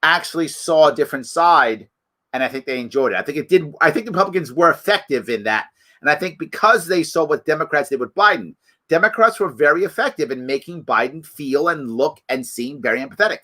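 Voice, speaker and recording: A middle-aged man hosting a live political talk show, giving animated, emphatic commentary full of rhetorical questions. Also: on the high side, a little fast. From New York.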